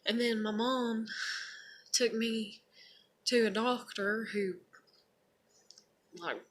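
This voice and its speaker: A woman's voice: on the high side, fairly even intonation, very slow. A young woman casually telling a personal story, rambling and blunt, with lots of fillers and casual swearing. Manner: rambling, heavy on fillers like "like" and "you know". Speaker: vlogger.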